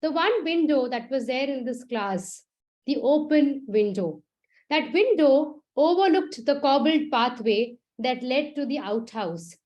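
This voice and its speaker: A woman telling a story aloud for adults, her voice high and clear. She builds scenes with emphatic repetition and measured, dramatic pacing. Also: animated, muffled recording. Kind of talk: live storytelling narration.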